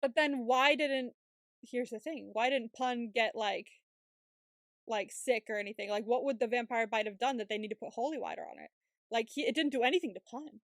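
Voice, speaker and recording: A woman's voice: on the high side, moderate pace, no echo, studio quality. A woman co-hosting a podcast, chatting casually and animatedly about a series, swearing freely and acting out the characters. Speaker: podcast co-host. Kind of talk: casual recap chat.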